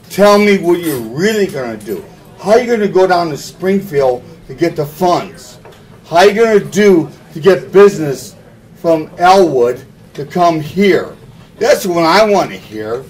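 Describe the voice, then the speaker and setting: A man's voice: on the high side, darkish tone, rough recording. A man speaking at a town forum, blunt and demanding. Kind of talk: public remarks.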